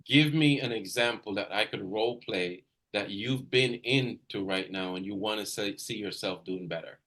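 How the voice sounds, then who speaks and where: This real estate coach talks to a trainee directly in a live video session, with a fairly low-pitched, slightly bright voice at normal speed. He's energetic, speaks in emphatic bursts, and keeps repeating his points to drive them home.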